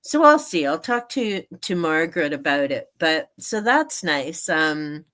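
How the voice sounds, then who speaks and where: A woman's voice: low voice, sing-song, measured pace, a bit bright. A woman hosting a book live stream, chatting casually in a meandering way and laughing often. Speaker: book channel host.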